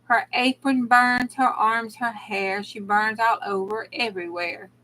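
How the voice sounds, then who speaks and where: A woman's voice: on the high side, fairly even intonation, a little slow, pushed and bright, a little hiss or hum, poor audio. Fretful storybook pussycats, as a woman reads them. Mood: alarmed. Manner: mewing warnings in a storybook rhyme. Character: fretful pussycats, small and mewing.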